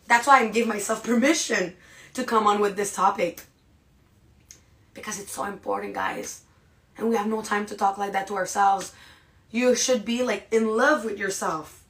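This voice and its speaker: A woman hosting a podcast, giving a motivational monologue straight to her listeners, dramatic and animated, with many rhetorical questions. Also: medium pitch, moderate pace. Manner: animated and dramatic, acts out inner voices. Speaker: podcast host.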